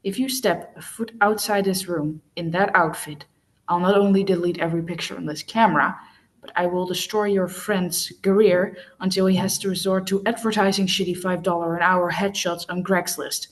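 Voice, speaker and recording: A woman's voice: lowish voice, steady tone, moderate pace, close to an everyday voice. A woman voicing an angry, protective young man who speaks in clipped, blunt orders.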